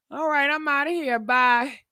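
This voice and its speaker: Brash high-voiced woman streamer. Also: sharp tone. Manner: brash, teasing, laughs often. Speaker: livestream host reading chat. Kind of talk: casual livestream chat.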